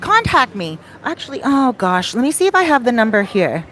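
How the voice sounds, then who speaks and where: A woman's voice: on the high side, sing-song, brisk, fairly bright tone. A woman who works as a life coach, chatting casually and cheerfully in a live Q&A vlog from a lounge, laughing often.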